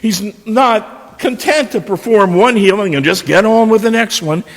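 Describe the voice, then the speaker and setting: High, lively preacher in a reverberant hall. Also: male voice, moderate pace. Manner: storytelling with rhetorical questions. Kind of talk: sermon. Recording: long reverb of a large hall.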